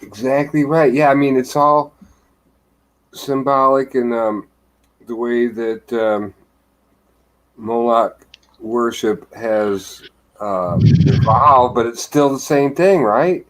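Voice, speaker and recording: A man on a livestream panel talking casually, halting with many ums and uhs. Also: medium pitch, poor audio. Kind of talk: casual chat.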